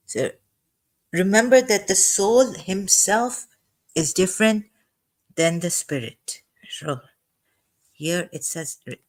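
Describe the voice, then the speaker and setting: A speaker giving a halting, informal commentary on a scripture verse, with a cough, often repeating words and restarting sentences. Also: mid-range voice. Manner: slow and deliberate, dwells on single words. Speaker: religious commentator.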